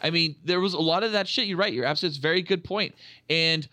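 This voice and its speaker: A man co-hosting a podcast, chatting excitedly about a film with lots of swearing and acted-out quotes. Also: fairly high pitch, very fast, dry recording. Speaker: podcast co-host. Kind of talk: casual film review chat.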